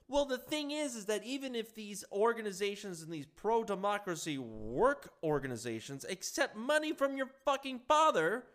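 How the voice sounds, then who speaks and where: A man's voice: high voice, fairly bright tone. A man delivering heated solo political commentary, sarcastic and profane, reacting to what he reads.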